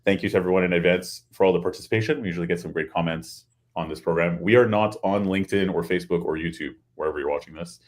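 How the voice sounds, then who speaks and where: A man's voice: low voice, quick pace. A man hosting a weekly video-call talk show, chatty and full of joking asides. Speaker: host. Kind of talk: casual webinar hosting.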